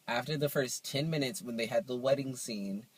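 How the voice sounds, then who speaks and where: A young man chatting to camera in a vlog, telling stories in an animated, playful way, recorded on his phone. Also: mid-range voice, moderate pace, low-quality recording. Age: young adult. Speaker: vlogger. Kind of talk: casual chat to camera.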